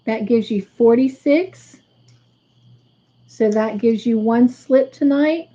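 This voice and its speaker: A woman hosting a casual livestream, slowly tallying up points for viewers. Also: a little high, mellow, lo-fi sound. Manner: slow, careful tallying of points. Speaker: livestream host.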